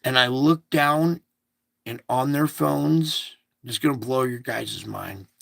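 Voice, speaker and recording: A man's voice: medium pitch, slow, vocal fry, no room sound. A man recounting a recurring dream in a rambling, repetitive casual monologue, stopping now and then to fiddle with his equipment.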